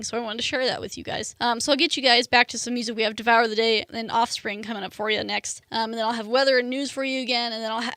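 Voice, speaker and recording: A woman's voice: a little high, creaky, bright, forceful tone, no echo. A young adult woman hosting a student radio show, talking casually with lots of fillers like "like" and "um". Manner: chatty, lots of "like" and "um".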